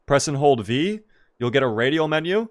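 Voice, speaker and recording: A man's voice: mid-range voice, big pitch swings, normal speed. Chatty man streaming a game. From Maryland, US East Coast. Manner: chatty, answers chat questions while playing. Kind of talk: casual live-stream chat.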